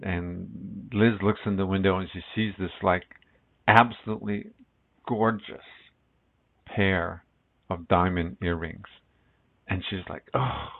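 A middle-aged man giving a relaxed spiritual talk as a meditation teacher, rambling and reflective with many restarts, heard on lo-fi phone-like audio. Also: lowish voice, creaky.

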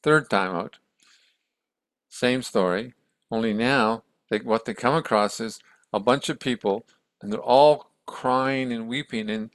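A man's voice: mid-range voice, measured pace, fairly bright tone, clear, resonant tone, dry recording. A man casually retelling a story in a conversational way, with many restarts and acted-out quotes.

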